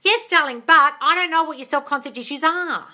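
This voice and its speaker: A woman in her thirties, a manifestation coach answering viewer questions on a live stream, chatty and quick to laugh, swearing casually and calling her viewers darling. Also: high voice, pushed and bright. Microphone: phone.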